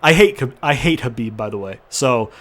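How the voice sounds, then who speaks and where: Young dude ranting and cussing over a wrestling game, voice jumps all over, sweaty from yelling. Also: male voice, mid-range voice, expressive, normal speed. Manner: profane, yelling in frustration at the game. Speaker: gaming YouTuber. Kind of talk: let's-play commentary.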